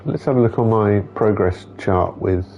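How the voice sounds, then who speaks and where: A man's voice: lowish voice, moderate pace, a little mellow, muffled recording, slight background noise. A man streaming a game, chatting casually, talking to the characters and reading their dialogue aloud. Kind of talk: casual gameplay commentary.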